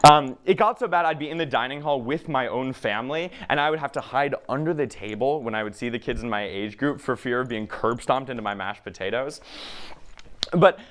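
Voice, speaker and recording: A young man from Minnesota performing a stand-up comedy set, telling a self-deprecating story with halting pauses and many fillers. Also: mid-range voice, a bit bright. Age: young adult.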